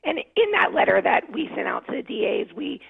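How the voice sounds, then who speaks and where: A woman talks over a tinny phone line, her high voice hoarse and gravelly as she loses it. She explains things earnestly and keeps clearing her throat. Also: big pitch swings, brisk. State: losing her voice. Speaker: corrections department official, phone guest. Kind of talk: radio interview.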